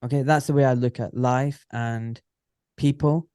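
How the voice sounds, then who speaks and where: A middle-aged man, a surgeon telling candid stories as a podcast guest, blunt and animated, with some swearing. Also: mid-range voice, a little slow, smooth, no echo, studio quality. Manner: animated, blunt, swears, acts out quoted voices. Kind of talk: candid conversational storytelling.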